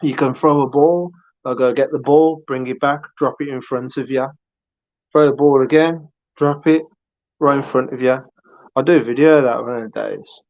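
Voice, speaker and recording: A man's voice: medium pitch, no room sound. A man hosting a live stream, chatting casually and rambling as he greets viewers by name. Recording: dull lo-fi stream audio.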